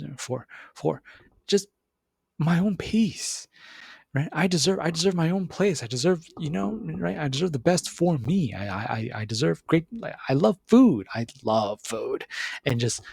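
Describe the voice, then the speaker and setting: A man hosting a podcast, giving an animated motivational monologue, repeating words and acting out other voices. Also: creaky, husky, no echo, studio quality. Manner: animated, repeats words, acts out voices with big pitch jumps. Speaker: podcast host.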